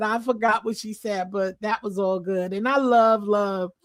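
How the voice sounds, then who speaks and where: A woman's voice: fairly high pitch, measured pace, no room sound. Chatty woman with a dry, close sound. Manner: expressive and chatty, laughs often, swears casually. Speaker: livestream host. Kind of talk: casual livestream chat to viewers.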